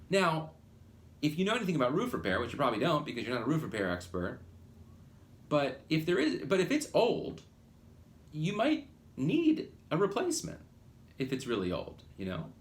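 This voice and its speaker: A man hosting a podcast, talking through a business lesson in a rambling, animated way that often breaks off mid-phrase and restarts. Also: medium pitch, a little fast. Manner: animated, rambling, self-interrupting. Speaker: podcast host, marketing consultant. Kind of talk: casual monologue with acted quotes.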